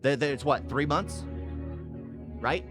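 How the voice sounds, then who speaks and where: A man's voice: a little high, slow, music in the background. A man giving casual, off-the-cuff reaction commentary, rambling and repeating phrases for emphasis. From United States. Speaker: reaction video host.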